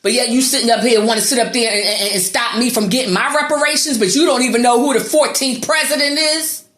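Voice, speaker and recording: A woman's voice: a little high, fairly even intonation, fast, fairly bright tone, echoey room. A woman delivering an angry, sarcastic, profanity-heavy rant to her viewers. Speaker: vlogger. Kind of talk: angry ranting monologue.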